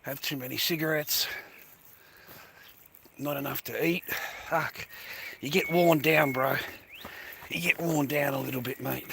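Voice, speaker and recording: A man's voice: a little high, animated, takes it slowly, creaky, pauses often, noisy background. A middle-aged man, rambling and swearing while livestreaming on a phone, tired and coughing. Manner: swearing, rambling, calls listeners mate. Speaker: live streamer. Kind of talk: rambling casual livestream chat.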